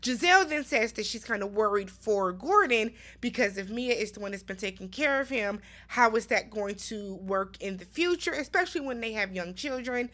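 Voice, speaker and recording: A woman's voice: a little high, expressive, moderate pace, few pauses, a bit bright. A woman casually recapping a reality TV reunion episode, talking straight to her viewers in a chatty, conversational way. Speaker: recap vlogger.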